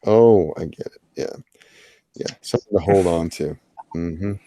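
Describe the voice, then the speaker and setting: Here the man's voice is low and dark, a little slow, with no echo. As host of a live drawing-challenge stream, he offers rambling, casual commentary packed with filler and jokey asides.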